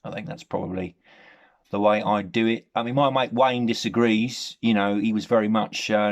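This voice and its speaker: A man giving a rambling, hesitant comic monologue, deadpan and full of ums. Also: fairly low pitch, brisk. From Nottingham, England. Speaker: comedy character monologue.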